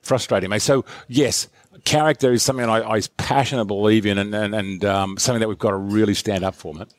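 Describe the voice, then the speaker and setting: A man's voice: lowish voice, fairly even intonation, fast talker, no room sound. A middle-aged man with an Australian accent, chatting as a guest in an emphatic, blokey way that leans on "mate" at every turn. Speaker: guest, former pro athlete. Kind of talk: casual chat.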